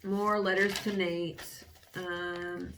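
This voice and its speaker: A woman's voice: lowish voice, flat delivery, very slow, noisy background. Young woman, casual vlog, rambling, wry, reads old journal entries aloud. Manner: candid, wry, rambling with many fillers. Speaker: vlogger.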